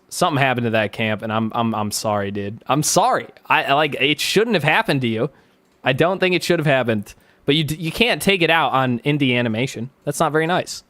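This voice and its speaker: A man's voice: a little high, fairly bright tone, dry recording. A man streaming live, reacting with sarcastic, mocking jokes and asides.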